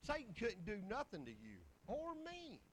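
A man's voice: very high-pitched, wildly swooping pitch, moderate pace, slight background noise, rough recording. A middle-aged man, preaching a folksy, rambling testimony full of scripture. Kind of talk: sermon.

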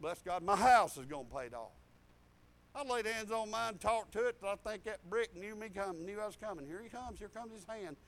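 A man's voice: animated, fairly quick, a bit bright. An older man, preaching a folksy sermon full of stories, laughter and hallelujahs. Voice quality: high-pitched. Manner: rambling storytelling with laughs and hallelujahs.

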